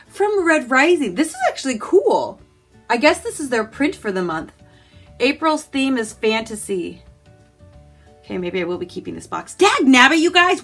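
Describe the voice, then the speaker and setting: A woman from the United States chatting casually and enthusiastically as she unboxes a book subscription box, gasping and making quick asides about each item. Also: a little high, a bit bright. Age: adult, married.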